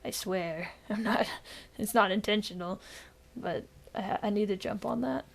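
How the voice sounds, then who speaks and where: A woman co-hosting a casual podcast chat, tired and deadpan after being sick, rambling with fillers. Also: medium pitch, measured pace, gravelly. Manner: rambling with frequent fillers and laughs. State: recovering from illness. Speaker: podcast co-host.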